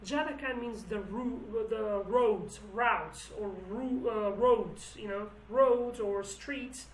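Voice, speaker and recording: A woman whose first language is Kurdish explains a song's lyrics in English, thinking aloud, pausing to search for words, and often restarting her sentences. Her voice is fairly high. She's far from the mic in an echoey room, with a faint hiss in the background.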